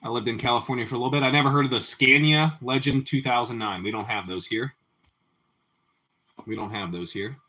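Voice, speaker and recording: A man's voice: medium pitch, brisk, sharp tone. A man hosting a livestream from his home kitchen, chatting casually with viewers while he cooks and often repeating his phrases. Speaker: livestream host. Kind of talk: casual chat while cooking.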